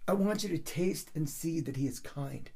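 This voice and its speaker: Man, pastor, gravelly husky voice, somewhat high, heartfelt sermon. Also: animated, moderate pace, a little mellow. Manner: heartfelt, gets emotional telling a personal story.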